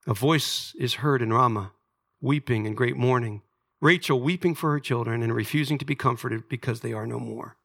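Bright-voiced middle-aged male pastor preaching. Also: mid-range voice, normal speed, creaky. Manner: earnest conversational preaching, reading scripture aloud. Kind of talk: sermon.

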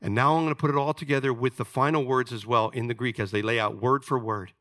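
A man preaching a sermon, explaining scripture with lively asides and questions to the congregation. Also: mid-range voice, quick pace, dry recording, studio quality. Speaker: pastor.

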